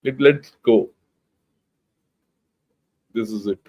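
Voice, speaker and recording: A fairly low-pitched older man with an Indian English accent draws out his words, captured on dull audio. He's a retired army general giving an emphatic, informal lecture, blunt in tone and full of rhetorical questions.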